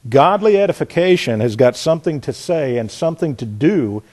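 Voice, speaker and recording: A man's voice: fairly high pitch, lively intonation, moderate pace, slightly rough. Man preaching, reading scripture. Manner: reads scripture aloud, questions the congregation; builds from soft to emphatic. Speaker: pastor. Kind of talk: sermon.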